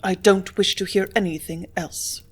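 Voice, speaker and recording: A composed young office woman who stays quiet and cool under pressure, read by a woman narrator. Her replies are tart and precise. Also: mid-range voice, steady tone, moderate pace, husky, natural voice. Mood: firm.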